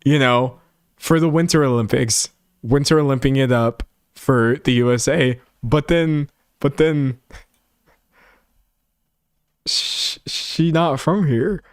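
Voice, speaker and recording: A man's voice: medium pitch, slow pace, pauses often, clear, resonant tone, dry recording. Young male streamer from Texas, casual chat with comments, plays up quotes, dry close sound. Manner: animated, mock-dramatic voices for quoted comments. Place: home room with a set backdrop.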